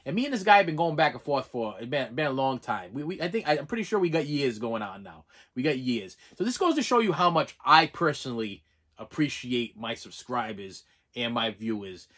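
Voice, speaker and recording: A man's voice: medium pitch, sing-song, fairly quick, fairly bright tone, slightly rough. Casting note: male vlogger, rambling casual rant, stammers and repeats himself, sincere and a bit emotional. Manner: rambling, repeats words, stumbles over names; sincere and emotional when thanking viewers. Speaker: channel host.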